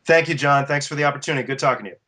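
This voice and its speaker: Animated man explaining his craft. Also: medium pitch, rapid-fire. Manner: animated and explanatory, with frequent restarts. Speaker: voice actor and coach. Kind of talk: interview guest sharing advice.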